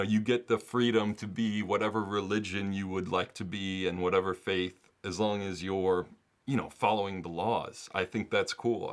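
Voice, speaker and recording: A man's voice: low-pitched, fairly bright tone. A man hosting a sports channel, talking earnestly and casually on his own, often laughing in the middle of sentences. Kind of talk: casual solo commentary to camera. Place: home setup in the US.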